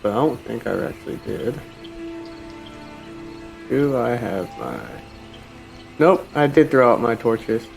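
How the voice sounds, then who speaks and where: Animated male tabletop player. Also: mid-range voice, slow pace, vocal fry, long pauses, soft background music. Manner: animated, thinks aloud. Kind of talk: casual chat at a tabletop game.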